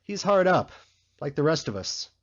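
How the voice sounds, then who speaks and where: A man voicing a weary, easygoing male canvasser in a storybook reading, husky and slightly muffled. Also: fairly high pitch, very animated, normal speed, pitched above the performer's own voice.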